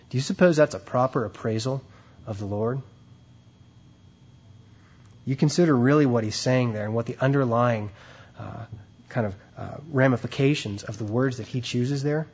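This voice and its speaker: A man's voice: mid-range voice, normal speed, darkish tone, breathy edge, dull audio. A man preaching a sermon, reading scripture aloud and explaining it in a conversational way with frequent "right?" and "okay?" asides.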